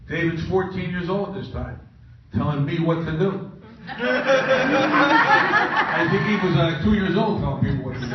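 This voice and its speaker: A middle-aged man tells a joking, self-mocking story from a conference stage, his voice pitched a little high. He sounds far from the mic in a very echoey room. The sound is muffled, with clear background noise. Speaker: conference speaker. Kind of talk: humorous personal storytelling speech. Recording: echoey, distant, muffled, noisy room recording.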